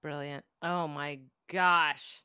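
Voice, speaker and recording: A woman's voice: low voice, fairly even intonation, takes it slowly, pushed and bright, clean tone. A woman podcast host reacting with gushing exclamations to her guest. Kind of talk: conversational podcast interview.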